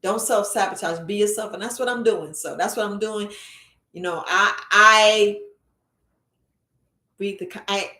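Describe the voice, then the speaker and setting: A woman's voice: mid-range voice, steady tone, measured pace, pauses often, pushed and bright. A woman herbalist hosting a casual live stream, giving a repetitive, preachy motivational talk and calling her viewers family, from a computer across the room. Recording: roomy echo.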